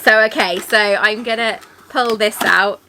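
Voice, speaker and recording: A woman's voice: mid-range voice, steady tone, a little slow, background noise. An English woman chatting casually as she unboxes a tea set, rambling and gasping with delight. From England.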